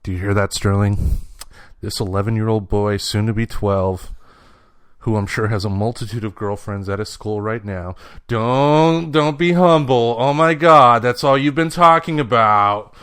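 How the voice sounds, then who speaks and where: A man's voice: fairly low pitch, measured pace, a bit bright, clean tone, no room sound, studio quality. A man hosting a podcast in a casual chat and teasing his young guest with jokes. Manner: teasing, joking interviewer. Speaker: podcast host.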